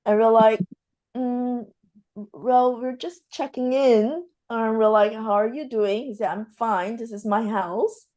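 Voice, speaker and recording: Woman host chatting, tells stories and acts out the back-and-forth, relaxed talk. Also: on the high side, a little slow. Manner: acts out dialogue while retelling stories. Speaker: spiritual show host. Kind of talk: casual conversation, storytelling.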